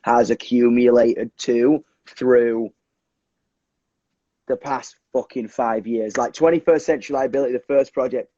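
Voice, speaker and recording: Excitable young British man, husky voice. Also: mid-range voice, a little slow, dry recording, muffled recording. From England. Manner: animated, swears a lot, many restarts and fillers. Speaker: musician guest. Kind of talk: casual livestream chat. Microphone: phone on a video call.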